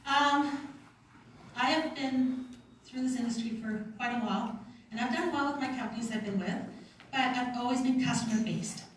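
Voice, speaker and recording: A woman's voice: on the high side, normal speed, a little hiss or hum. A woman giving a casual, chatty motivational talk to a room at a retreat, laughing often and acting out little quotes. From Canada. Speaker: sales consultant speaking at a retreat. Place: conference room. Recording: echoey hall, mic from far off.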